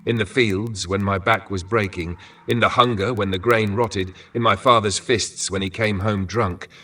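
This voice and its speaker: A frightened peasant prisoner stammers and pleads, as a man reads him. The voice is bright and forceful, slightly off-mic, with faint music underneath. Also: lowish voice, steady tone, normal speed, far from the mic. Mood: confiding.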